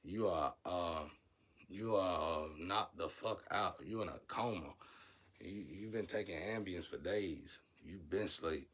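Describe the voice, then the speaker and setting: A man vlogging a blunt, profane rant, scolding his viewers and swinging from low muttering to loud shouting. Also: a little slow. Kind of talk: ranting monologue to camera.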